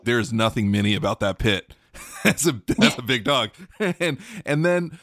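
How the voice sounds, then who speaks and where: A man co-hosting a podcast, excitable and gushing, swearing and laughing in casual emotional chat. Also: mid-range voice, unhurried, no room sound, studio quality. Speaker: podcast co-host.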